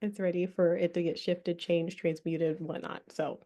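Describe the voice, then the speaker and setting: A woman's voice: on the low side, little pitch movement, normal speed, warm tone. A young woman hosting a spiritual workshop, talking casually, laughing often and swearing freely as she leads a breathing exercise. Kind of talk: casual live workshop talk with guided breathing.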